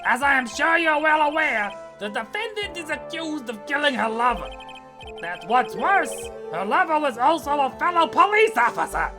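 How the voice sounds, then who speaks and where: Woman doing a high shrill cocky prosecutor, loud and boastful, swooping lines, game music under. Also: sing-song, moderate pace. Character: smug squealing rookie male prosecutor.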